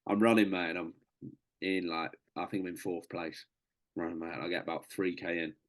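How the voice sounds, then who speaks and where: A man with a very deep voice tells a story on a podcast. He is chatty and relaxed, swears freely and keeps calling the host "mate". He speaks as a guest sharing an anecdote. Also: brisk. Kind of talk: casual storytelling.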